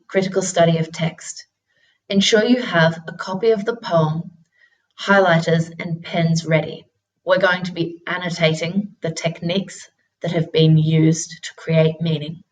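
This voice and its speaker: A woman narrating a poetry lesson as a teacher, in a deliberate, instructional way. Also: fairly low pitch, poor audio. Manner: slow, deliberate instructional delivery.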